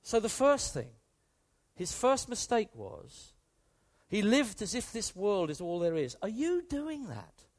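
A male preacher with a high voice that leaps up and down in pitch as he preaches. He speaks with emphasis, returns to the same phrases again and again, and asks his listeners direct questions. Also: sing-song, measured pace. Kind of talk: sermon.

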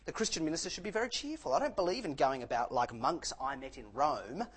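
Animated male preacher, jokey. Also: on the high side, fast talker, low-quality recording. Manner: animated and jokey, with sarcastic asides and laughs. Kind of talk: sermon.

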